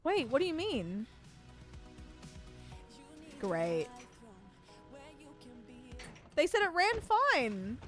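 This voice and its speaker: A woman from Australia with a soft Australian accent, chatting casually with her viewers while streaming a game. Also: high-pitched, huge pitch swings, extremely slow, long pauses, faint music behind. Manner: chatty storyteller, talks to her chat by name. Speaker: livestreamer.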